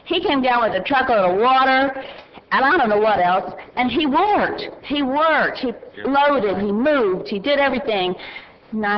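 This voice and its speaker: Southern woman, folksy presenter, fairly high voice, muffled room recording with crowd. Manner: folksy, laughing, reading names haltingly. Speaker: council member presenting awards. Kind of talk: chatty public award presentation.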